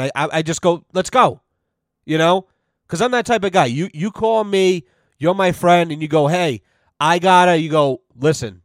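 A man's voice: a little high, dry recording. Profane, rambling young man, dry close sound. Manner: loose, rambling, heavy profanity, constant "you know". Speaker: podcast host. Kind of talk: casual storytelling monologue.

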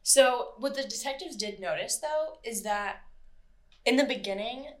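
A woman's voice: fairly high pitch, expressive, measured pace. A woman co-hosting a podcast, telling a true crime story in casual, chatty talk, swearing freely and acting out what people said. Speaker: podcast co-host.

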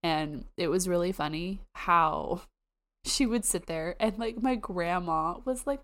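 A young woman from the United States co-hosting a podcast, chatting casually and excitedly with quick asides and frequent laughs. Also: fairly low pitch. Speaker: podcast co-host. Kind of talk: casual chat.

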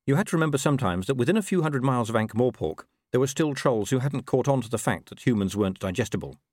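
Brief: male audiobook reader, expressive and animated, close dry studio sound. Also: medium pitch, no room sound. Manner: expressive, shifting tone through the telling. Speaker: audiobook narrator. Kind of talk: scripted audiobook narration.

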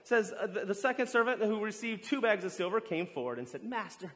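Energetic high-voiced preacher in a hall. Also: male voice, fast talker. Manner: energetic, hypes up the crowd. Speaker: pastor. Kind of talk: sermon with audience participation. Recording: long hall reverb.

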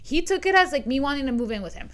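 A woman's voice: sits high, racing. A young woman co-hosting a podcast, telling stories in casual chat and acting out the voices of people she quotes. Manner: animated, acts out quoted voices, many "like" fillers. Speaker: podcast co-host.

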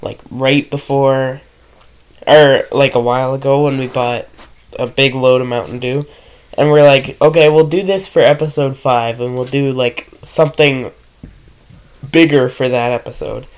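A man co-hosting a casual podcast chat who rambles, jokes, swears freely and slips into quick imitations. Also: mid-range voice, flat delivery, clean tone. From Canada. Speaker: podcast co-host.

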